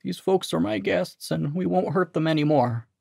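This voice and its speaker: A man's voice: on the high side, normal speed, vocal fry, a little mellow, husky, no echo, clean studio sound, voice pushed up, full character voice. A man doing a childlike, tearful simpleton man, Crooney. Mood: pleading.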